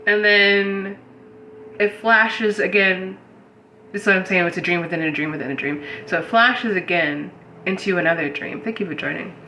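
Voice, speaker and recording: A woman's voice: mid-range voice, normal speed, a little hiss or hum, low-quality recording. A woman casually retelling a strange dream to her audience, rambling and saying "like" constantly. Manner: rambling, heavy use of "like", animated retelling. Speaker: host recounting a dream. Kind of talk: casual storytelling to a live audience.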